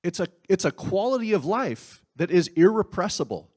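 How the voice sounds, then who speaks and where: A man's voice: sits high, big pitch swings, normal speed, a little mellow. A man preaching a sermon in a conversational way, with asides and laughs. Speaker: pastor.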